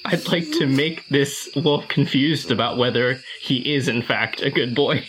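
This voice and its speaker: Dude playing a tabletop rpg, sheepish little laughs, middle voice. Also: male voice, mid-range voice, steady tone, a little slow, background noise. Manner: sheepish, chuckling. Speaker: player. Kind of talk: casual play at a tabletop game.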